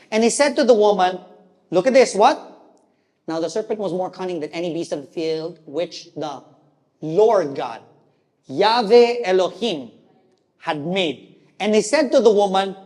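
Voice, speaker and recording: A man's voice: high-pitched, darkish tone, big-room sound. A male pastor with a Filipino accent preaching a sermon, mixing English and Tagalog and asking the congregation questions. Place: church hall.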